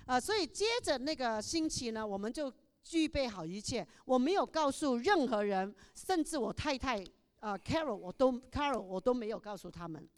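High, lively woman interpreting a sermon. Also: in a large hall. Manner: quick, expressive delivery that mirrors the preacher. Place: large church hall.

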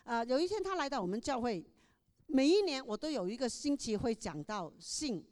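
High, lively woman interpreting a sermon. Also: long reverb tail. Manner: quick, expressive delivery that mirrors the preacher. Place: large church hall.

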